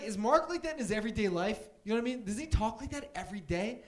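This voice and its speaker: A man's voice: sits high, animated, fast, hardly any pauses. A young man doing a stand-up set on a comedy club stage, rambling casually and full of fillers.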